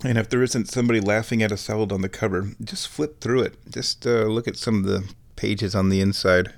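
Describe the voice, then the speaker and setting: A man's voice: lowish voice, fairly even intonation, brisk, vocal fry. A man around fifty hosts a casual solo show from home, rambling wryly and chuckling at his own jokes. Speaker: podcast host.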